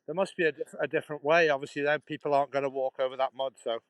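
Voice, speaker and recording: Walking a canal path with his phone, this middle-aged vlogger from England chats to live-stream viewers in a Potteries accent from Stoke-on-Trent that drops H's, laughing, rambling and restarting phrases. His slightly high voice races along with fairly even intonation. The audio is poor, with no room sound.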